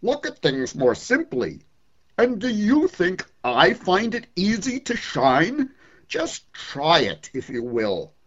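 A lecturer voicing the sun as a grand cosmic being in a poem reading, loud, slow and declamatory, on a dull lo-fi recording. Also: medium pitch, huge pitch swings, pitched above the performer's own voice, exaggerated voice. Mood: reassuring.

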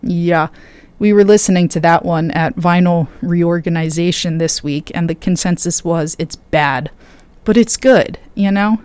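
A woman's voice: lowish voice, fairly even intonation, normal speed, darkish tone, clear, resonant tone, dry recording. A tired young woman DJ chatting casually on air between records, rambling and interrupting herself. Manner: rambling, self-interrupting, with many fillers. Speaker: radio DJ.

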